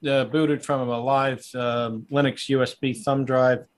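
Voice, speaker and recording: A man's voice: mid-range voice, level tone, a little slow. A man co-hosting a casual live tech stream, explaining repairs in plain practical terms. He speaks hesitantly and often restarts his sentences.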